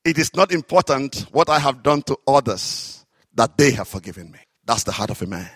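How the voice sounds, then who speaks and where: A man preaching a sermon, telling stories with animated, drawn-out emphasis on key phrases. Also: mid-range voice, husky, dry recording, clean studio sound. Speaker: works alongside a psychiatrist in an office.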